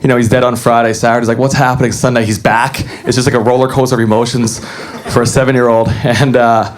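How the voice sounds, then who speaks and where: A young man doing a deadpan, self-deprecating stand-up comedy set on a club stage. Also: mid-range voice, quick pace.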